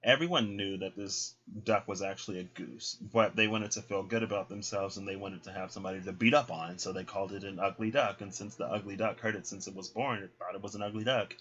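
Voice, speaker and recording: A man's voice: sits low, fairly even intonation, quick pace, few pauses, a bit bright, muffled recording. A man giving a casual, chatty tarot reading, full of fillers and acted-out quotes. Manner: chatty, filler-heavy, acts out voices in quotes. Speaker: tarot reader.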